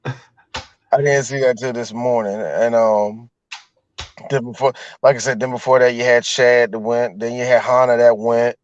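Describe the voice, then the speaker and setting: A man's voice: mid-range voice, steady tone, a little slow. A man co-hosting a podcast in casual, profane banter, laughing often. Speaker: podcast co-host. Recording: dull, lo-fi dry audio.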